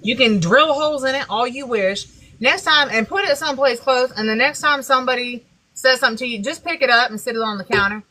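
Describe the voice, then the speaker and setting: A woman's voice: high-pitched, a little fast, bright, forceful tone, low-quality recording. A woman telling a wry, folksy story in casual chat. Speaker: widowed guest, former nurse.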